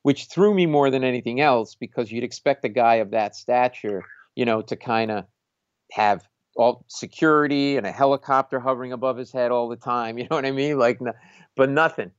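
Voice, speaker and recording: Man, stand-up comedian, animated storytelling, acts out voices, laughs often, muffled dry sound. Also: mid-range voice, a little fast, smooth, no room sound. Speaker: stand-up comedian, podcast host. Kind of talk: casual anecdote on a talk show.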